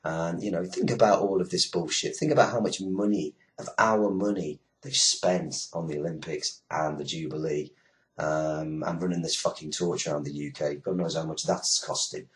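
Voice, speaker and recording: Deep-voiced British man ranting. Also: steady tone, moderate pace. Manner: rambling, sarcastic, swearing, many fillers. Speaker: internet radio host. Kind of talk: casual ranting monologue.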